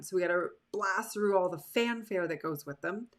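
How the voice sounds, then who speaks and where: A woman in casual live-stream talk, hosting a motivational show. She talks in a chatty, animated way, and her voice sits at a middle pitch for a woman. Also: a little fast.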